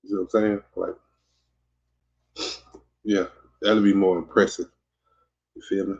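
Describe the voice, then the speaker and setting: A man's voice: low voice, flat delivery, unhurried, gravelly, a little mellow. A man from Mississippi with a Southern accent, hosting a podcast in casual livestream chat, rambling and teasing. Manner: rambling and teasing, many fillers and restarts. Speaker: podcast host. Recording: dull lo-fi sound.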